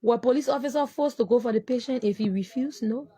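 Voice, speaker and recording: A woman's voice: on the high side, fast, dark tone, slightly rough. A grieving Liberian mother giving an impassioned, accusing public statement, repeating her phrases and close to tears.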